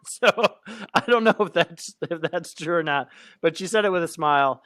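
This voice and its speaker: A man with a fairly high, slightly bright voice co-hosts a podcast at a moderate pace. The studio-quality audio has no room sound, and he chats loosely, laughing often and joking at his own expense.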